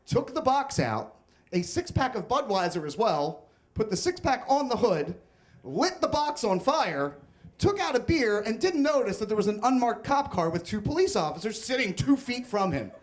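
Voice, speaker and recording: A man's voice: high voice, big pitch swings, moderate pace. A young man telling a comic, self-mocking personal story on stage at a live storytelling event.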